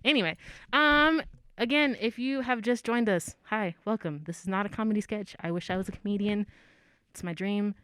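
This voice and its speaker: A woman's voice: medium pitch, moderate pace, fairly bright tone, clear, resonant tone, no echo. A young woman hosting a poetry open mic, chatting in a casual, self-deprecating way. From United States. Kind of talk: casual chat.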